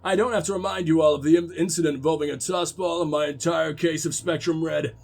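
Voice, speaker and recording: A man with a Cockney accent voicing a stern male sports coach who lectures his team, straining for an American gruffness. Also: on the high side, steady tone, fast talker, a little mellow.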